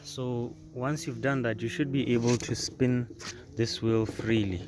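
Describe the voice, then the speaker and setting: A man hosting a casual car repair video, explaining step by step in a halting way and repeating words as he works on a jacked-up car. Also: mid-range voice, steady tone, noisy background. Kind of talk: casual how-to demonstration.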